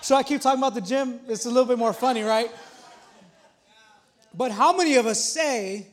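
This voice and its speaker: Male pastor, thirties, very high voice; casual sermon that builds by repetition, small church. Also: normal speed. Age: 30s. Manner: casual, repeats himself, builds to emphatic points. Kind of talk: conversational sermon.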